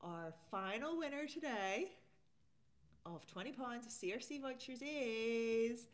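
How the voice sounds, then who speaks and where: A woman's voice: a little high, takes it slowly, a little hiss or hum. A woman hosting a casual live stream, chatting and reading out viewer comments. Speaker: livestream host.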